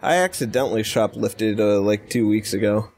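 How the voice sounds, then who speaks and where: A man's voice: lowish voice, moderate pace, darkish tone. A man co-hosting a casual podcast chat, telling anecdotes with a laugh and acting out quotes. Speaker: podcast co-host. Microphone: remote voice chat.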